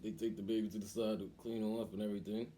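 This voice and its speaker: A man casually telling a story on his vlog, animated and acting out the voices of people in it. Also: on the low side, rapid-fire, slight background noise. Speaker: cooking vlogger.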